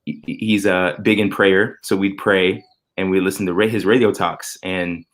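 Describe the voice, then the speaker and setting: A man's voice: low voice, steady tone, normal speed. A man in his thirties, a father and podcast guest, talking earnestly and reflectively, often restarting his sentences. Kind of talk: conversational interview.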